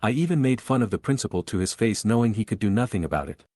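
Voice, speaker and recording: A man narrating a forum post aloud in an even, steady reading voice. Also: on the low side, fast, no echo, studio quality. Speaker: story narrator.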